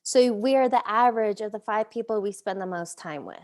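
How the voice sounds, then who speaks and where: A woman hosting an interview, asking reflective, measured questions. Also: medium pitch, a little mellow. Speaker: host. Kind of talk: interview conversation.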